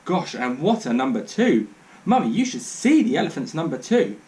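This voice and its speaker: A man's voice: a little high, very animated, moderate pace, a little mellow. A man voicing a cheeky, inquisitive little boy who chatters earnestly and insistently. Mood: awed.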